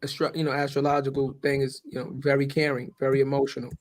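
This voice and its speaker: A man's voice: mid-range voice, completely flat delivery, quick pace. A man hosting a podcast, talking frankly and casually, swearing freely.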